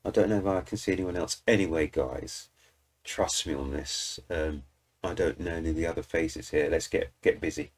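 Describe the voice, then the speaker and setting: A man's voice: very deep voice, steady tone, normal speed. A British man hosting a music reaction video, chatting enthusiastically and talking straight to his viewers. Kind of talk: casual reaction commentary.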